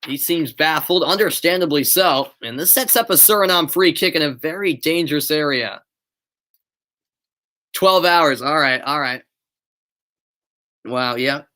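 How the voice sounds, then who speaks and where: Bright-voiced teen boy with a light Boston accent calling a soccer match. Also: on the high side, unhurried, long pauses. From Boston area, USA. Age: late teens. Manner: chatty, answers viewers' chat between plays; animated calling of play, relaxed and hesitant in chat. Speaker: amateur play-by-play commentator. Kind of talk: live streamed play-by-play commentary with chat.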